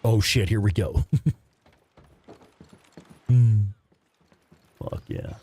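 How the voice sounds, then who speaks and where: A man in his fifties commentates a video game in a casual let's-play stream, laid-back, laughing often and swearing freely. His voice is lowish and darkish, with drawn-out words and frequent pauses, plus a little hiss or hum in the audio.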